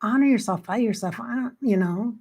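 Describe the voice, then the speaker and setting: A woman life coach speaks briskly in a slightly high, a little mellow and slightly rough voice, giving a casual motivational talk to camera. She's blunt, chatty and frank with viewers, swearing freely and quoting herself with "I'm like."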